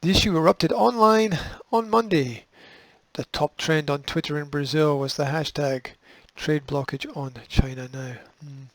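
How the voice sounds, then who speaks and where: A man with a gravelly, slightly raised voice reads out news lines and then cuts in with sarcastic comments. His tone is dismissive and offhand. The recording is close and dry. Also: fairly high pitch, measured pace, no room sound, low-quality recording. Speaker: host.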